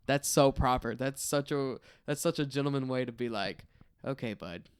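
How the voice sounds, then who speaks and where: A man's voice: mid-range voice, fairly even intonation, normal speed, clean tone, dry recording. An American man co-hosting a podcast in casual, rambling chat, laughing often. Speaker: podcast co-host. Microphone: dynamic vocal mic.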